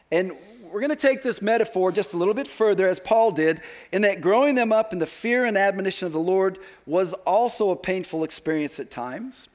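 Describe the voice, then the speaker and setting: High-voiced middle-aged male pastor. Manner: conversational, with joking asides and restarts. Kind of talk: sermon. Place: church sanctuary.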